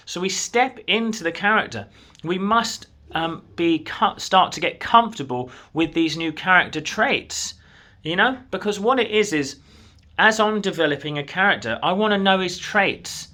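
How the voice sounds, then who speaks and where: A man's voice: sits high, animated, normal speed, bright, forceful tone. A man, a coach, giving an earnest, encouraging motivational talk straight to the viewer from his desk. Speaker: manifestation coach. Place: at a desk in his own room.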